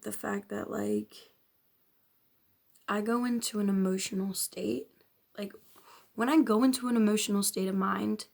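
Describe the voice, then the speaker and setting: A woman's voice: medium pitch, creaky. A young woman vlogging a frank personal confession, rambling with constant filler words and casual swearing. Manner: frank, self-questioning, occasional nervous laughs.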